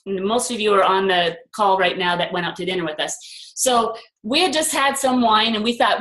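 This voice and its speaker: An older woman leading a group video call, telling a personal story and acting out her own inner voices with lively swings. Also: mid-range voice, brisk, roomy sound, rough recording. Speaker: group leader.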